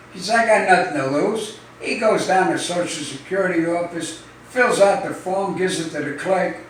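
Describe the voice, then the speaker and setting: A man's voice: high voice, fairly bright tone. A man telling dirty jokes, acting out each character's lines in a raised voice and laughing at his own punchlines. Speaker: joke teller. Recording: distant mic in a very echoey room, faint background noise.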